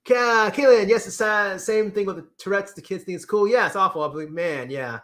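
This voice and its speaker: A man hosting a casual livestream, reading chat comments with lively exclamations and repeated words. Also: sits high, brisk. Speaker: livestream host.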